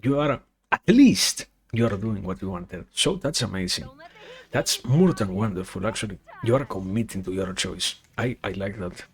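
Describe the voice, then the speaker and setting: A man's voice: fairly low pitch, lively intonation, moderate pace. Rambling male gaming streamer. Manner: rambling, self-correcting, swears casually while playing. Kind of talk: casual gaming stream chat.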